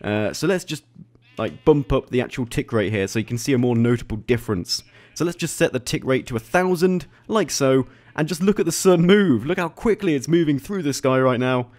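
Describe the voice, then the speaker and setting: A man giving casual gameplay commentary as a YouTube host. He talks in a chatty, excitable way and laughs often. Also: mid-range voice, brisk.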